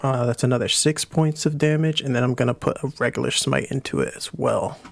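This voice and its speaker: A man's voice: mid-range voice, brisk, vocal fry, no room sound. A man playing a tabletop game, casually describing his character's actions in vivid detail. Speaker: player.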